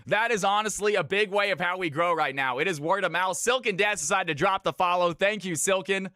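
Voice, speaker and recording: A man's voice: sits high, fairly quick, hardly any pauses, pushed and bright, clean tone, no echo, clean studio sound. Upbeat man streaming games. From California. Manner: upbeat, greets viewers by name. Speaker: streamer casting viewer games. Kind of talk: live stream chat and commentary.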